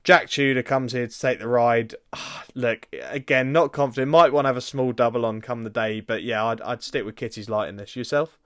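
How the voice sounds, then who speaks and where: A man co-hosting a horse racing preview, running through the odds briskly with chatty asides. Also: medium pitch, steady tone, fairly bright tone, dry recording, clean studio sound. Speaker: racing tipster co-host. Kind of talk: casual racing preview chat.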